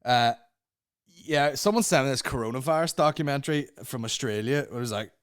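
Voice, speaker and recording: A man's voice: mid-range voice, fairly quick, smooth, dry recording, studio quality. A man hosting a comedy podcast, rambling through a profane monologue and laughing at his own jokes. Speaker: podcast host.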